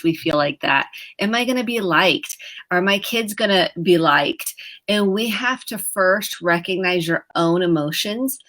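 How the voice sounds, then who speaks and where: Woman therapist, lowish voice, calm advice, acts out little dialogues. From United States. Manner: gentle, explanatory, acts out quoted dialogue. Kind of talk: live talk show advice.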